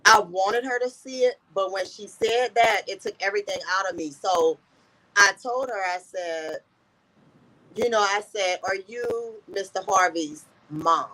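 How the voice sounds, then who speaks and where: A woman's voice: mid-range voice, a little slow, a bit bright, poor audio. A woman guest in an interview, earnestly telling a personal story and often repeating "I said" as she recounts conversations.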